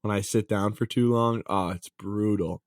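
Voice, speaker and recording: A twenty-six-year-old man with a fairly low voice chats on a podcast in a laid-back way, dropping "dude" and the odd curse. His sound is dry and close, with no room around it. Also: steady tone, moderate pace, dry recording. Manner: laid-back, swears casually, says "dude" a lot. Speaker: podcast co-host. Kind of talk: casual chat.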